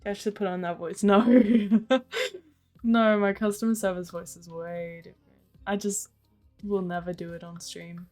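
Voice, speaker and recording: A woman's voice: medium pitch, fairly even intonation, measured pace, a little mellow, soft background music. A young Australian woman on a live stream, casually telling stories with lots of "like", swearing and frequent laughter. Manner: chatty storytelling, heavy use of 'like', swearing, laughing. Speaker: livestreamer.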